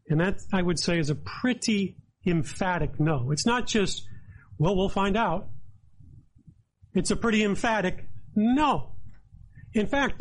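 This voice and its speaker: Man, high-pitched voice, sermon, emphatic, reading scripture aloud. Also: rough recording. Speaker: pastor.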